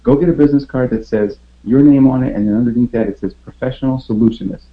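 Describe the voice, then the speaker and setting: A man's voice: medium pitch, fast talker. A man with a mid-range voice gives an emphatic motivational pep talk. He keeps firing rhetorical questions at his listeners and stammers over repeated words. The audio is slightly dull and lo-fi. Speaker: podcast host.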